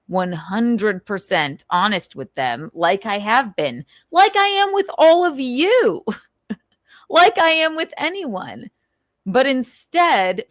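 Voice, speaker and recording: A woman's voice: on the low side, no echo, clean studio sound. A woman hosting a casual livestream, talking candidly with frequent swearing, laughter and restarts. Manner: candid and profane, laughs often; halting, with many restarts and fillers. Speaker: livestream host.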